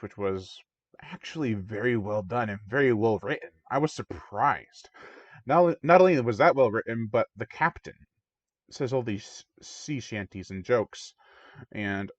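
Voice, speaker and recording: A man's voice: on the low side, unhurried, dry recording. A man hosting his own channel, giving a rambling, casual spoken review of a film and often mimicking the characters. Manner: rambling, chatty, mock voices for characters. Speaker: movie reviewer, channel host. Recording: dull lo-fi dry recording.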